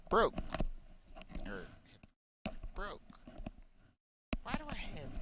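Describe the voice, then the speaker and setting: A man's voice: medium pitch, noisy background. A man ranting sarcastically in a profane, rambling video commentary monologue. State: hiccuping.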